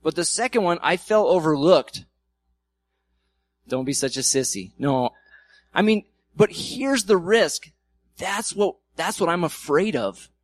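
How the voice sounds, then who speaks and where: Pastor preaching in a chatty, playful manner. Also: male voice, high voice. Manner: conversational, acts out quoted arguments with humor. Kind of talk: sermon. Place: church.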